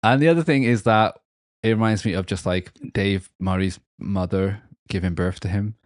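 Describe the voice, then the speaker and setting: Low-voiced Welsh man, lively podcast chat. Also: normal speed, no room sound. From Wales. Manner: animated, laughs often, mimics voices. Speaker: podcast co-host. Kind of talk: casual chat about music.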